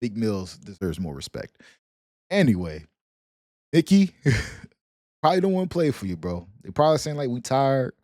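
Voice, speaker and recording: A man, riffing on his team's struggles in a loose, slangy rant that keeps breaking into laughter. His voice sits at a middling pitch, and the sound is dry and close with no room echo. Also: big pitch swings, moderate pace, pauses often, a little mellow. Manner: laughing, joking, trash-talking in slang. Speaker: sports commentary vlogger. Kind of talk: casual sports rant.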